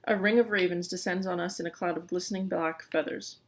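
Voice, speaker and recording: A woman reading a children's novel aloud in the first person, lively, with small stumbles. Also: on the low side, a little fast. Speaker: audiobook reader.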